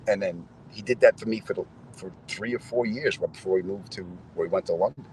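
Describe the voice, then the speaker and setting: A man's voice: low voice, a little fast, a little mellow, a little hiss or hum, poor audio. A middle-aged man, a comedian, chatting casually with viewers outdoors in a city square and telling stories with asides to his audience. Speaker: comedian host.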